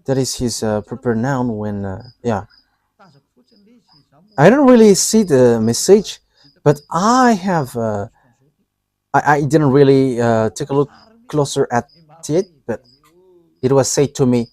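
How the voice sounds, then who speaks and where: A man preaching a live sermon, talking in short, halting, broken phrases. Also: medium pitch, sing-song, a little mellow, no echo.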